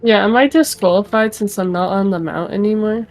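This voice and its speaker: A woman's voice: medium pitch, fairly quick. Woman player, tabletop game, casual questions, easygoing.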